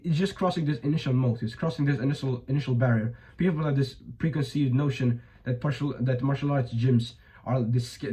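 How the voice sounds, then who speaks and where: A man's voice: medium pitch, mellow, poor audio. A young man giving blunt, profane advice in a casual monologue, full of fillers and restarts, his voice a bit strained. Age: young adult. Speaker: vlogger.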